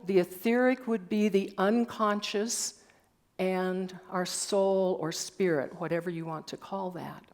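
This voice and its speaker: Slow-speaking older woman giving a sermon. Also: mid-range voice. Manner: storytelling with gentle humor. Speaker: speaker at a spiritual center. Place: church hall.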